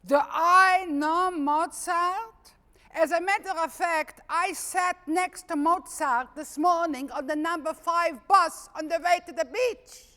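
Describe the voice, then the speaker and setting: A woman voicing a brash older Jewish immigrant woman who talks loudly, emphatically, and drags her words out. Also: very high voice, voice pushed up, full character voice. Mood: indignant. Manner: indignant, emphatic, drawn-out delivery. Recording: long hall reverb, live stage.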